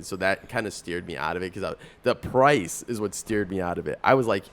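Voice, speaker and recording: Low-voiced man rambling frankly. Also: brisk. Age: 30s. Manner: frank and rambling, heavy on "like" and restarts. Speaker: podcast host. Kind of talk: casual podcast chat. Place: coffee house.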